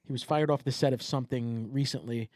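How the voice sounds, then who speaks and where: A man's voice: medium pitch, steady tone, brisk, darkish tone, no room sound, studio quality. A middle-aged man co-hosting a podcast, chatting casually and telling stories with a joking edge. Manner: jokey storyteller. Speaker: podcast co-host. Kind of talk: casual chat.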